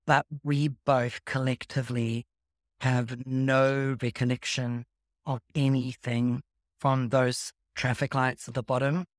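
A man's voice: mid-range voice, dry recording, studio quality. A man, telling a personal story in a matter-of-fact, casual way.

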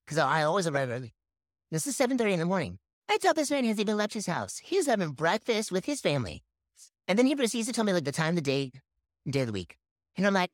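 A woman's voice: lowish voice, very animated, a little fast, dry recording, studio quality. A woman telling a strange personal story in a casual, blunt way, swearing freely.

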